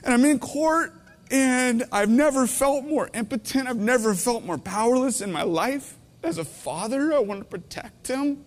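A man in his thirties preaching a heartfelt sermon, tearful, his voice swinging between hushed and intense. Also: extremely high pitch, animated, normal speed, big-room sound. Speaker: pastor. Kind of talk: emotional sermon.

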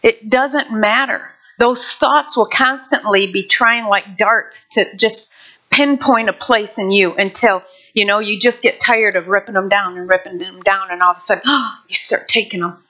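A woman's voice: mid-range voice, normal speed, pushed and bright, highs cut off. A woman pastor preaching a fervent sermon, moving from prayer to acting out voices.

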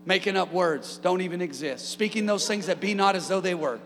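A man preaching a sermon as pastor, energetic with humorous asides and building to shouted peaks. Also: high voice, fairly quick, in a large hall. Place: church sanctuary.

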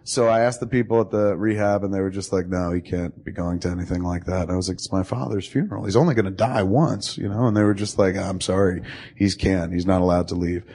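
Low-voiced man telling a rambling story. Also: fairly even intonation, quick pace, a little mellow, slightly rough. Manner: rambling, profane, acts out quoted dialogue. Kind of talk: casual conversation, storytelling.

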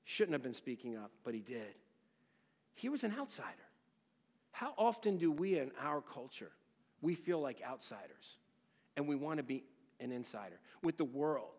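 A man preaching an expository sermon, dramatic and questioning, swinging between loud exclamations and near-hushed phrases. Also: mid-range voice, very animated, normal speed, long reverb tail. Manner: asks the listeners rhetorical questions. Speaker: pastor.

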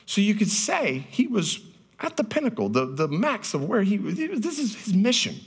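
A man preaching a sermon as a pastor, telling a story loudly and animatedly, acting out the scenes. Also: high voice, very animated, moderate pace, slightly rough.

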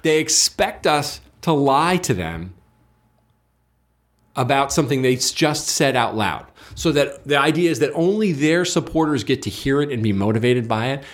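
A man's voice: mid-range voice, expressive, normal speed. A man speaking as a guest writer in a political interview, arguing his point and acting out quoted exchanges. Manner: argumentative, acts out quoted dialogue.

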